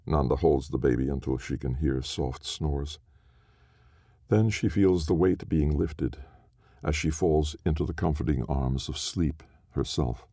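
A man reads a story aloud, slow, measured and solemn. His voice is very deep with a gravelly, dark edge. The recording is close and dry. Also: no room sound. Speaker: narrator. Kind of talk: scripted story narration.

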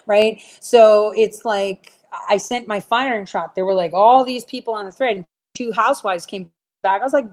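A woman's voice: mid-range voice, normal speed. A middle-aged woman talking to viewers in a rambling, blunt, profane rant, full of fillers. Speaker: livestream host answering viewers.

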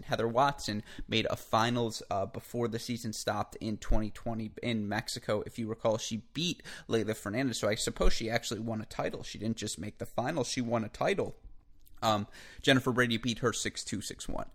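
A man hosting a solo sports podcast, talking energetically in a chatty way with frequent asides and self-corrections. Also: mid-range voice. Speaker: podcast host. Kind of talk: solo tennis podcast monologue.

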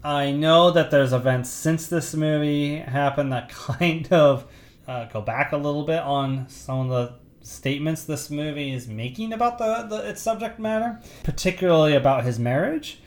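A man's voice: fairly high pitch, animated, normal speed. A man co-hosting a podcast, chatting casually about films with enthusiastic, rambling restarts. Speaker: podcast co-host. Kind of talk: casual movie chat.

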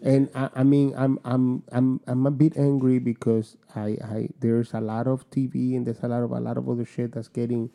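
Podcast co-host, man, deep mellow tone, stumbling restarts, profane. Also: level tone, creaky. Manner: rambling, halting restarts, swearing. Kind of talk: casual chat.

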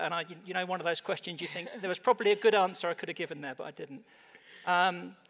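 A man's voice: on the high side, vocal fry, fairly bright tone. A man with an English accent, speaking on a conference panel, hesitant with many fillers and restarts. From United Kingdom. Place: conference stage. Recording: reverberant hall on stage mic.

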